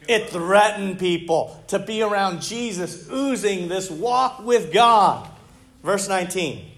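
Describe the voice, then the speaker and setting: A middle-aged man preaching a sermon as pastor, conversational and animated, full of rhetorical questions to the congregation. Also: high-pitched, slow.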